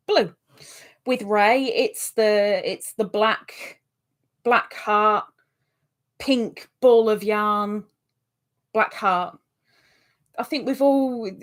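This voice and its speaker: A woman hosting a live stream in a casual, chatty way, reading out viewer comments and answering them, with excitable exclamations. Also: mid-range voice.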